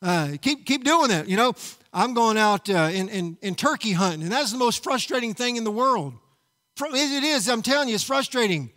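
A man's voice: very high-pitched, animated, brisk, bright, forceful tone, big-room sound. A man preaching a sermon as pastor, emphatic and often calling out to the congregation. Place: church sanctuary.

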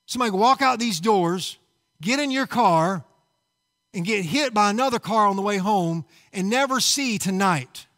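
A man's voice: high voice, a bit bright. A man preaching a sermon at a church service, fervent and urgent, repeating his calls and stumbling over words when worked up. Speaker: pastor.

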